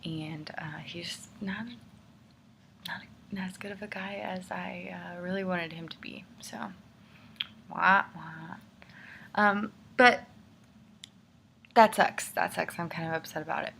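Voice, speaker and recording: Young woman, vlogger, candid rant, slightly low pitch, whispers asides. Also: fairly even intonation, measured pace, creaky, fairly bright tone, a little hiss or hum. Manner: candid and ranting, often drops to a whisper. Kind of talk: casual video letter to a friend.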